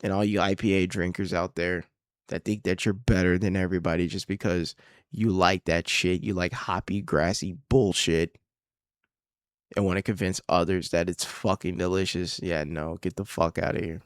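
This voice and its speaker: Profane ranting young man, low voice. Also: fairly even intonation, moderate pace, smooth, dry recording, studio quality. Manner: profane, rambling, exasperated ranting. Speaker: podcast host and comedian. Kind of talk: casual solo podcast rant.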